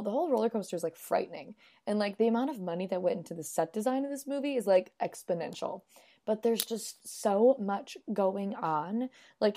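A woman's voice: mid-range voice, mellow. A woman casually recapping a movie in a rambling way, with lots of "like" fillers. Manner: rambling, peppered with "like".

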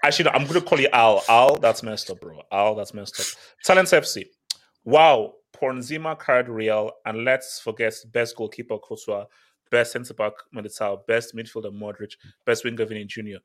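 A man's voice: medium pitch, normal speed. A man hosting a casual football panel show, reading out viewer comments and teasing his co-hosts with sarcasm and frequent laughter. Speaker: podcast host reading chat.

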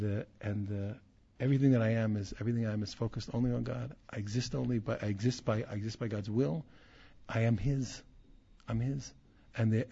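Raspy rabbi guy giving a torah class, repeats himself a lot, dull lo-fi sound. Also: mid-range voice, warm tone. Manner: emphatic, repeats phrases, restarts, chuckles. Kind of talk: animated Torah class teaching. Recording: dull lo-fi recording.

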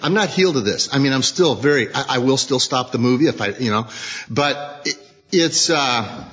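A man's voice: mid-range voice, lively intonation, normal speed, fairly bright tone. A man sharing his story at a recovery meeting, rambling and self-deprecating, acting out bits of dialogue. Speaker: AA meeting speaker. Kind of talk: personal recovery share. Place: meeting hall. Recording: dull lo-fi tape in a reverberant hall.

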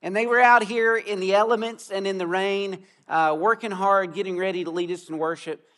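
A man preaching an outdoor sermon, telling stories earnestly and slowing down to stress key words. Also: high-pitched, fairly even intonation, a bit bright. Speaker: pastor. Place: outdoor gathering.

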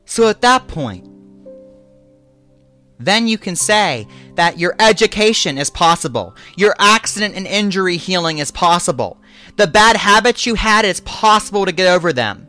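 Forceful preacher with faint music behind. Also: medium pitch, animated, normal speed. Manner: repetitive, declaring preaching with shouted peaks. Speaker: pastor. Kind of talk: sermon.

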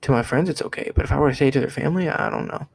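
A man's voice: fairly high pitch, racing, creaky, a little mellow, husky, rough recording. A young man from the United States giving a blunt, profane opinion rant to camera, repeating himself as he talks. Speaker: vlogger.

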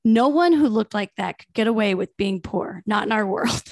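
A woman's voice: medium pitch, animated, normal speed, no echo, studio quality. A young adult woman co-hosting a podcast, telling a story in casual gossipy chat with plenty of swearing. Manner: chatty, swearing, enthusiastic storyteller. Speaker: podcast co-host.

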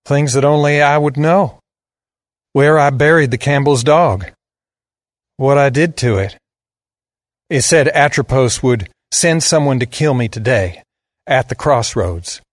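A man's voice: medium pitch, measured pace, pauses often, no echo, clean studio sound, voice pushed up, close to an everyday voice. A man voicing a defiant, sneering teenage farm boy with a Southern drawl. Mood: wondering. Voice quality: drawling, cocky.

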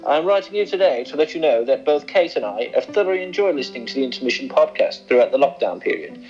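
A man doing a posh voice as a royal gentleman reading out a letter. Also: mid-range voice, big pitch swings, fast, soft background music, lightly acted. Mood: stately. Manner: exaggerated posh put-on voice. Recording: dull lo-fi sound.

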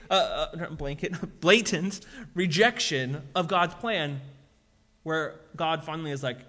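Man, pastor, casual conversational sermon, slightly high voice, bright forceful tone. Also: animated, slow. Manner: casual, conversational preaching with frequent fillers. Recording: long reverb of a large hall.

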